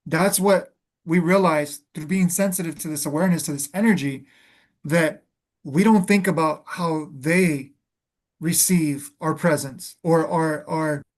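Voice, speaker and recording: A man's voice: a little high, a little slow. A man hosting a reflective spiritual conversation, speaking earnestly and calling the listener "beloved", often restarting his phrases as he searches for words.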